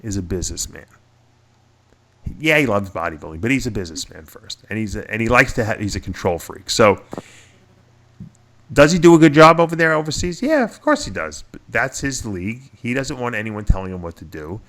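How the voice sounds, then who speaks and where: A man's voice: on the low side, fairly quick. A middle-aged man with a New York accent, chatting casually as a radio show host and telling stories with a laugh. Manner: animated storyteller, laughs at himself. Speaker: podcast host. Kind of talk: casual chat.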